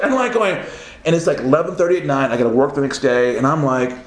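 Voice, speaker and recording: A man's voice: on the high side, fast talker. A man, a self-published Christian author, telling a story in casual conversation and acting out the voices he heard. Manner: animated, laughing storyteller who acts out voices. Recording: roomy echo, faint background noise.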